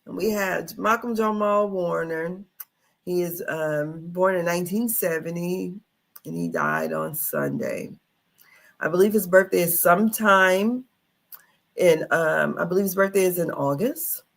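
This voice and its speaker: A woman's voice: on the low side, animated, measured pace. A middle-aged woman hosting a casual livestream, chatty and folksy, calling her viewers honey. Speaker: livestream host.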